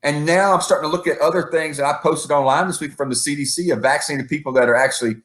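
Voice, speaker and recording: A man's voice: fairly high pitch, quick pace, a bit bright. A man co-hosting a podcast as the coach, ranting in casual chat and counting off his points. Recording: echoey room.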